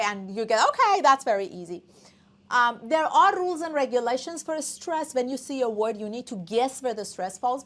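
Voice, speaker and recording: A woman's voice: a little high, bright, forceful tone. A woman whose first language is Persian, teaching an online English test class, coaxing students and often checking in with "okay?".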